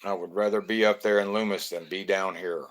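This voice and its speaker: A man's voice: low-pitched, fairly even intonation, brisk, a little hiss or hum. A man, from Florida, hosting a casual live stream, greeting viewers by name in a loose, joking way.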